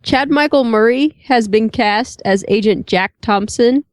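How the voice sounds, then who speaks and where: A woman's voice: medium pitch, unhurried, darkish tone, dry recording, studio quality. Wry, offhand woman podcast co-host. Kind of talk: casual podcast chat.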